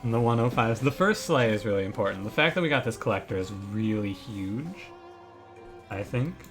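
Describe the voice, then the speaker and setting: A man's voice: lowish voice, lively intonation, moderate pace. Man thinking aloud over faint music. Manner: thinks aloud, restarts, gets ranting and exasperated. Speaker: gaming streamer. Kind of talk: casual gameplay commentary.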